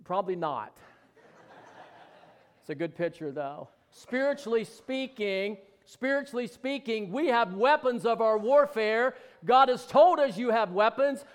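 High-voiced fervent male preacher. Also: expressive, a little slow. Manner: fervent, builds to loud declarations; joking asides. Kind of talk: sermon.

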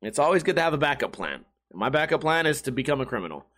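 A man's voice: medium pitch, sing-song, rapid-fire, fairly bright tone. A young man chatting casually to his viewers, laid-back and jokey, swearing often and calling people dude. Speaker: YouTuber. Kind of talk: casual rambling chat to viewers.

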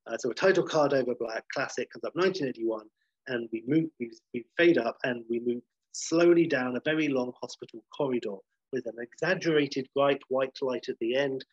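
A man, casually pitching and reading out a film script, rambling and correcting himself as he goes. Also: fairly quick, breathy edge, no room sound, highs cut off. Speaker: podcast host pitching a film idea.

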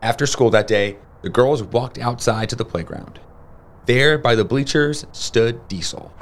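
A man's voice: medium pitch, measured pace. Man reading a children's story aloud. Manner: steady, plain storytelling. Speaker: storybook reader.

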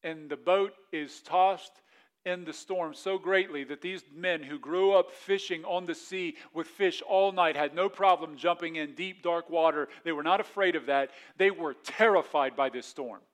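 A man preaching a sermon in a fairly high voice. He tells the story with energy, raising his voice to act out scared disciples, then drops low and soft for his reflective points. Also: normal speed. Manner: animated storytelling, acts out the disciples' panic in a raised voice. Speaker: pastor.

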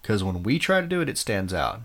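A man's voice: lowish voice, big pitch swings, brisk, fairly bright tone. An American man co-hosting a podcast, chatting casually and bluntly about films and swearing freely. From United States. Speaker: podcast co-host. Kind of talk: casual film chat.

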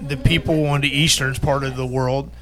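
A man chatting casually on a podcast, agreeable and quick to laugh. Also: mid-range voice, little pitch movement, a bit bright. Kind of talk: casual chat.

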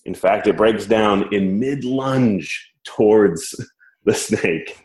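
A man telling a personal story in casual talk, animated and self-mocking, laughing as he goes. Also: lowish voice, takes it slowly. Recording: roomy echo.

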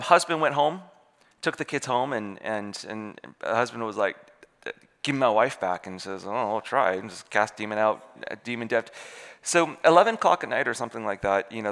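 A man telling a story in a sermon, acting out the voices of the people in it. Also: mid-range voice. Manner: animated, acts out voices in his stories. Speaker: preacher. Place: church hall. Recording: long hall reverb.

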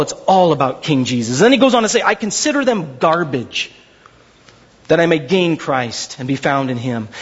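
Animated, high-voiced male pastor preaching. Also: slightly rough, highs cut off. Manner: animated, swings from high excited asides to low slow emphasis; stammers and repeats words when excited. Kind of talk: sermon.

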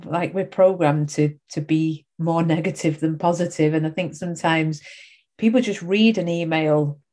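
A woman's voice: deep voice, fairly even intonation, moderate pace, warm tone. A woman interviewing a guest in a chatty, conversational way. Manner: chatty, asks tag questions.

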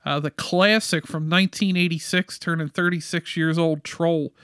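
Clear, high-voiced man co-hosting a podcast. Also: normal speed, no echo, clean studio sound. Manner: relaxed, reads a list of films, chuckles. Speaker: podcast co-host. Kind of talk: casual chat.

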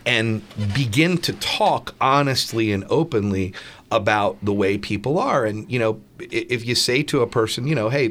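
A man's voice: on the low side, fairly bright tone. An emphatic, argumentative man. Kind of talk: podcast panel discussion.

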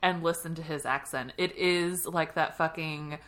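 A woman's voice: sits low, fairly even intonation, normal speed, a bit bright. A woman co-hosting a casual book discussion, chatty and swearing freely. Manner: swearing, chatty, laughing asides. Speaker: book club podcast co-host. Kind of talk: casual chat.

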